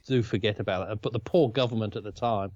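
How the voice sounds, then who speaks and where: A man's voice: on the low side, fast, a little mellow, no room sound. Aussie guy rambling and chuckling thru a casual chat, dull lo-fi dry sound. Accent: Australian. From Australia. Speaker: co-host.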